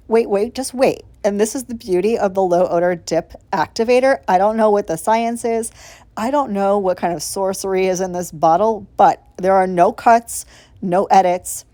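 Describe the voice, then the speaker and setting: A woman's voice: medium pitch, mellow, no echo. A woman giving a chatty, casual voiceover for a nail tutorial, gushing and swearing casually as she explains each step. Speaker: nail vlogger. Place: voiceover recorded separately from the video.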